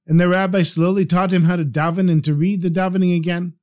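A man tells a story for a podcast, his voice pitched fairly high for a man. His delivery is animated and engaged, and he carries the listener along through the tale. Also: fast talker.

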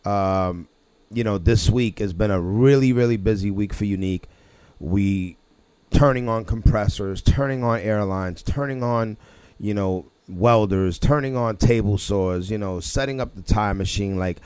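A man's voice: fairly low pitch, unhurried, darkish tone, clear, resonant tone, dry recording. A man hosting a casual podcast chat, rambling with many restarts and chuckles. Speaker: podcast host.

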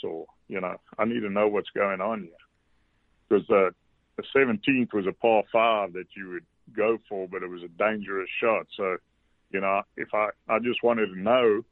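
A South African man with a fairly low, gravelly voice tells an easygoing story with some cursing. He is heard over a thin, tinny phone line. The sound is dry, with no room around it. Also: moderate pace, no room sound. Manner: relaxed anecdotal, salty language. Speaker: guest golfer. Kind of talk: casual storytelling.

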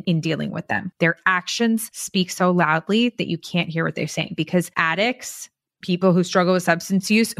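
A woman's voice: on the low side, a bit bright, no echo, studio quality. A woman hosting a podcast, giving earnest coaching advice on caring for an addicted loved one, often repeating phrases for emphasis. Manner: earnest, repeats phrases, acts out quoted voices.

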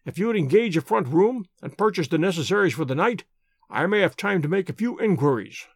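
Brief: male reader doing a calm, wry, courteous detective, lively delivery. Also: high-pitched, no echo, clean studio sound, exaggerated voice. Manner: measured, courteous, gently ironic.

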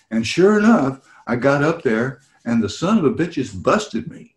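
A man's voice: medium pitch, a little slow, reverberant. A man chatting with a fan on a video call, telling anecdotes with lots of laughter and acted-out voices. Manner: animated, laughs often, acts out voices in anecdotes. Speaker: celebrity hosting fan meet and greets. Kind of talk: casual storytelling chat.

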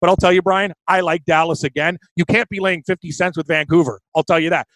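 A man's voice: a little high, steady tone, quick pace, a bit bright, no echo. A man with a Canadian accent co-hosting a sports betting podcast, giving emphatic, confident picks. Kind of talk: casual sports betting chat.

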